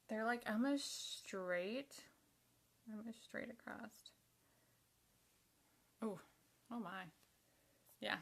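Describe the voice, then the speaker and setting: Young woman, makeup vlog, casual chat, slow drawl, bright gravelly voice, half-whispers now and then. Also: on the high side. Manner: talks to herself, half-whispering at times. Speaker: makeup vlogger.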